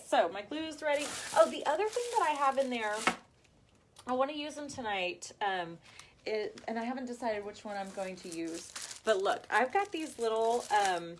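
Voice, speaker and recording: A craft shop owner hosts a casual live video demonstrating crafts, chatty and gushing as she calls her viewers y'all. Her voice is on the high side, and there is background noise.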